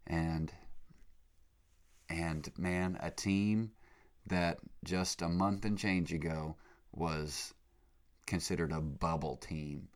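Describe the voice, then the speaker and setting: A young man with a very deep voice hosts a laid-back podcast monologue. He sounds congested from being sick. He rambles excitably and leans on slang fillers. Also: slow pace, long pauses. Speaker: podcast host. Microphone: podcast mic.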